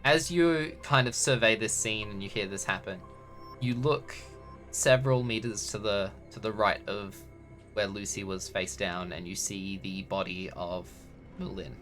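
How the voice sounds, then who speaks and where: A man narrating scenes as the game master of a tabletop role-playing game, calm and descriptive. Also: fairly low pitch, measured pace, faint music behind.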